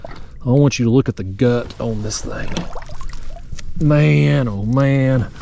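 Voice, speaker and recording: A fishing vlogger drifts in a kayak on a river, casually narrating to the camera in a drawling, folksy way and calling his viewers y'all and buddy. His voice is mid-range, slow and dark with vocal fry, and there's slight background noise.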